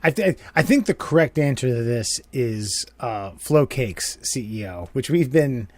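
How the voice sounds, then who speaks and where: A man's voice: mid-range voice, lively intonation, measured pace, darkish tone, no echo. A man co-hosting a podcast in casual chat, laid-back and laughing often. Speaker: podcast co-host.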